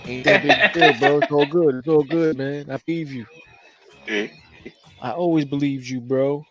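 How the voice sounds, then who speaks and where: A man's voice: on the high side, normal speed, muffled recording, faint music behind. A man co-hosting a casual drawing stream, telling loose, profane stories with big swings in his voice. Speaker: comic artist co-host.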